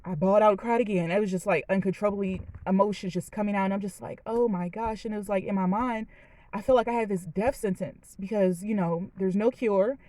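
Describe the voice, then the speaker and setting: A woman's voice: medium pitch, steady tone, a little fast, mellow. A young woman in her late twenties shares a personal story from her car, candid and emotional, leaning on fillers as she talks. Her voice sits in a middle range and sounds close and dry, with no room echo. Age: late 20s. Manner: candid, chatty, emotional, many "you know"s. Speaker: vlogger. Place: parked car.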